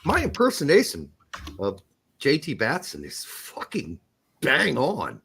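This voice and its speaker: A man's voice: mid-range voice, huge pitch swings, measured pace, creaky, a bit bright, slightly rough. A man hosting a podcast, trading crude, profane jokes and laughing often in casual banter. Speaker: podcast host.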